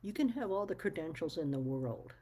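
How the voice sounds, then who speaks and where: A woman's voice: fairly low pitch, lively intonation, brisk, dark tone, slight background noise, poor audio. A woman speaking her mind in a casual monologue to camera, blunt and firm, swearing freely and stressing her points. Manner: firm and emphatic. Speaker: vlogger.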